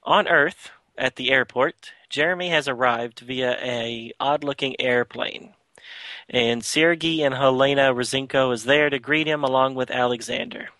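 A man's voice: medium pitch, moderate pace, bright, forceful tone, dry recording. A man hosting a podcast, casually retelling a comic book story with lots of filler words. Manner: chatty, loose retelling with frequent filler words. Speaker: podcast host.

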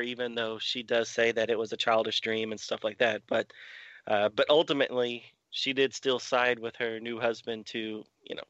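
A man's voice: mid-range voice, bright, forceful tone, dry recording, highs cut off. A man retelling a comic book story and then chatting about it with friends on a podcast. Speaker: podcast co-host. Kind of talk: comic book recap and discussion.

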